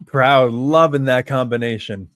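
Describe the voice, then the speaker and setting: A man reacting live to a wrestling show, chatting to viewers and calling the action play by play like an excitable fan. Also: mid-range voice, unhurried, no echo.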